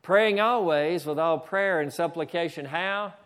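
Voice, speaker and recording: Preaching in church, this male pastor has a fairly high, slightly bright and clean voice and an unhurried pace. He often asks "Amen?" and pauses to direct the slides.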